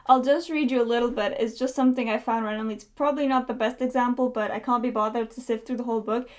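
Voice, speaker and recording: A young woman chatting casually through book reviews, candid and chatty, with lots of fillers. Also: on the high side.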